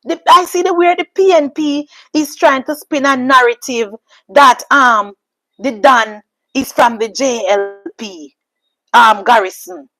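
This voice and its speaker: A woman's voice: high voice, a little slow, fairly bright tone, no echo, poor audio. A woman with a Jamaican accent giving an impassioned political monologue, emphatic and repetitive with a preachy ring. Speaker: political commentator.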